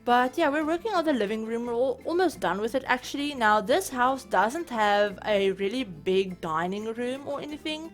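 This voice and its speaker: A woman's voice: on the high side, expressive, moderate pace, hardly any pauses, faint music behind. A woman hosting a game building channel, chatting casually in a voice-over, rambling with lots of fillers and restarts. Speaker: Sims building channel host.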